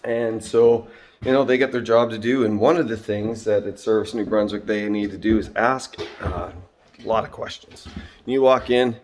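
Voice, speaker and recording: A middle-aged man telling a story and reflecting on it in a casual monologue, with lots of fillers and throat-clearing. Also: fairly low pitch, steady tone, normal speed, darkish tone. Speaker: vlogger and job-site supervisor.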